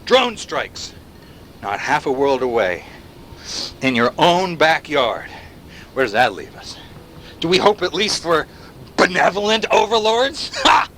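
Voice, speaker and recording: A conspiratorial male activist in a video game, ranting with fierce conviction and hurling questions at whoever listens. His voice sits a little high and swings widely in pitch. The tone is bright and keen. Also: big pitch swings, a little slow, pauses often, slight background noise. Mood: impassioned rant. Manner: impassioned, rhetorical questions to the listener. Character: paranoid male anti-surveillance activist, intense and conspiratorial. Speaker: game character.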